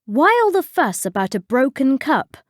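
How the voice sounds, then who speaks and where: A woman voicing a brisk, firm male football team manager in a storybook. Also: high-pitched, very animated, dry recording, clean studio sound, pitched above the performer's own voice.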